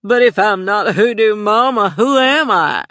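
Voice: mid-range voice, measured pace, vocal fry, a bit bright, no room sound, clean studio sound. The narrator voicing a tough grown woman who is crying, strained and cursing. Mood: anguished.

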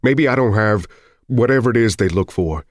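A man's voice: medium pitch, expressive, fast, dry recording, clean studio sound, pitched above the performer's own voice, natural voice. A man voicing a grim, humorless husband who speaks bluntly.

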